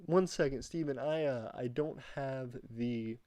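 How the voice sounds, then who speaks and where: A man's voice: mid-range voice, a little slow, warm tone. Rambling young man hosting a livestream. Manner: rambling, reads chat aloud, many fillers. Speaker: livestream host. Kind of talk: casual livestream chat.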